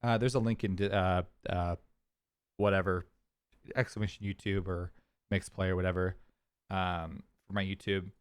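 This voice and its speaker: A man's voice: sits low, flat delivery, moderate pace, long pauses, clean tone, no echo. Rambling, chatty male streamer. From California. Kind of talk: casual chat.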